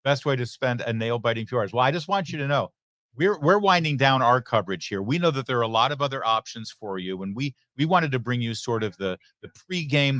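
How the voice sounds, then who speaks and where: A man's voice: on the low side, no echo. A middle-aged man hosting a live election night stream, reading viewer messages in a chatty, joking way with many asides. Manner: chatty, joking asides, lively ups and downs. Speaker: host. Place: election watch party venue.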